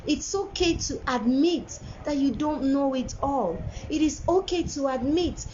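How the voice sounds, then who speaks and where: Emphatic high-voiced Nigerian woman. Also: measured pace, few pauses, warm tone, muffled recording, a little hiss or hum. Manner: emphatic, preachy, lots of repeated phrases and restarts. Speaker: parent and parenting commentator. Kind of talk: earnest monologue to camera.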